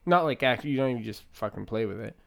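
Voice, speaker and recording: Casting: mid-pitched man, relaxed co-host, quick reactions and jokey interjections. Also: creaky, no room sound. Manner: chimes in with short reactions and jokes. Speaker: podcast co-host. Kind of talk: casual late-night chat.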